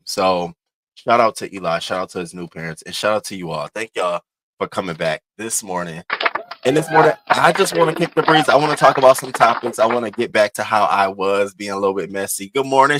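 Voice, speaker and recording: Bright, dry-voiced chatty male host. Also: fairly low pitch, no echo. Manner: chatty, calls viewers baby and y'all. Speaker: show host. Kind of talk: casual morning livestream talk.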